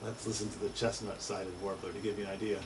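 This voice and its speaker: A man's voice: fairly low pitch, little pitch movement, quick pace, noisy background. A man giving an informal slide presentation on birds to an audience, chatting, asking them questions and imitating bird songs in words. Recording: distant mic with loud bird recordings playing.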